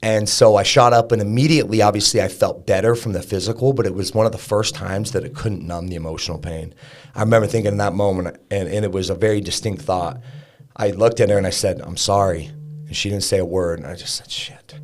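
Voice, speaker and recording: A man's voice: fairly low pitch, steady tone, fast talker. A man in his thirties, a podcast guest, candidly telling a personal story in a conversational way, full of fillers and restarts.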